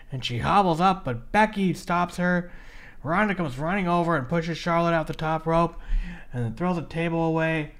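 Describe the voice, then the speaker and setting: A man's voice: on the high side, clear, resonant tone. A man co-hosting a casual podcast, recapping a wrestling match in a blunt play-by-play way. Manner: blunt, rapid play-by-play narration. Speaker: podcast co-host.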